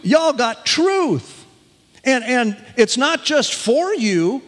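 A man's voice: very high-pitched, very animated, extremely slow, big-room sound. An older man preaching a sermon as pastor, folksy and self-deprecating, often chuckling at himself.

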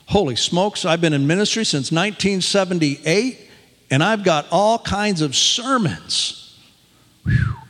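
Older male pastor, chuckling, folksy delivery, animated pitch, echo of a big room. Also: measured pace. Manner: folksy, self-deprecating, chuckling. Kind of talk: sermon.

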